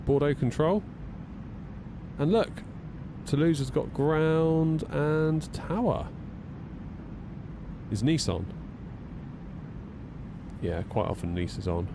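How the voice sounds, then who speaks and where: A man's voice: fairly high pitch, takes it slowly, gravelly, long pauses, background noise. A man chatting casually on a flight sim live stream, wry and a little tired, reading out chat messages as he goes. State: yawning, tired.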